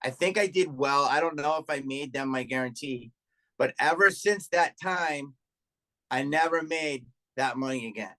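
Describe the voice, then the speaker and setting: Profane, animated middle-aged male storyteller. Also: a little high, normal speed. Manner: profane, animated anecdote telling with acted-out quotes. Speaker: guest comedian. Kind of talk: casual podcast storytelling.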